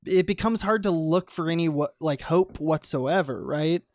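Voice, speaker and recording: Male podcast guest, higher voice, dry close mic, unhurried and thoughtful. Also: no room sound. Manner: thoughtful, hedging, many fillers. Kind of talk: casual film discussion.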